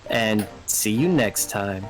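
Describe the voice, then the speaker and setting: A man hosting a casual gaming podcast, talking excitedly and rambling with restarts, with a mellow voice. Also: lowish voice, slow pace, loud music behind the voice, low-quality recording. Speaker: podcast host. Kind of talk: casual chat.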